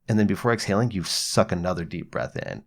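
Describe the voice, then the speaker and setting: Talking fast in a low, gravelly voice, a man hosts a psychology podcast. His advice comes across relaxed and conversational, peppered with casual swearing and examples he acts out.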